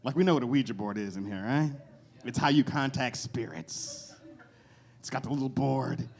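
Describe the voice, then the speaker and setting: A man doing a stand-up comedy set in a cafe, animated, jumping into loud character voices. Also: medium pitch, moderate pace, vocal fry. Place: cafe stage with live audience.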